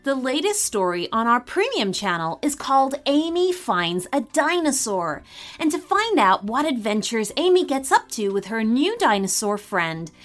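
A woman narrates a children's story with a higher-than-usual, very lively voice. She reads slowly and deliberately, and faint music sits underneath her. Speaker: podcast host and storyteller.

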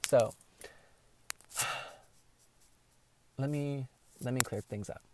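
A man's voice: medium pitch, extremely slow, background noise. A young man hosting a podcast, telling a personal story in a candid, rambling way with lots of swearing and emotion. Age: young adult. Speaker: podcast host.

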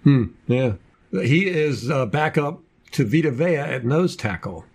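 A man's voice: medium pitch, animated, unhurried, darkish tone, husky. A man co-hosting a casual sports podcast, running through a team depth chart with jokey asides. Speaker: podcast co-host.

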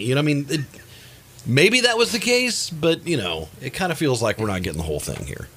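A man with a mid-range voice whose pitch swings a lot, reacting fast to his co-host's stories and laughing often. A faint hiss sits under the recording. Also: wildly swooping pitch, bright, forceful tone. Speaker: podcast co-host. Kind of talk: casual banter.

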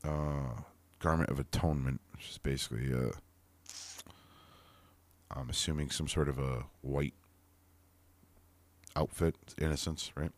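Very low-voiced man, chatty asides. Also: steady tone, unhurried, pauses often, no echo. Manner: casual, chatty asides with mild swearing. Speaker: podcast host reading aloud. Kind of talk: reading a text with casual commentary.

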